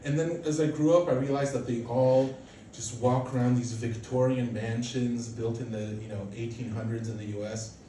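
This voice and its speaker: A man, performing a stand-up comedy set in deadpan storytelling, bursting livelier when acting out other people. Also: mid-range voice, normal speed, noisy background. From Poland. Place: comedy club stage with a laughing audience. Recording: roomy, distant club recording.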